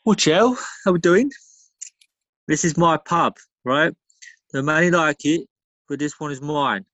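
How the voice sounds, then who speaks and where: Cheeky London pub regular put on by a man, crude joke-teller, slightly high, dry sound. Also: unhurried, fairly bright tone, dry recording, lo-fi sound. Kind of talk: comedy podcast character bit.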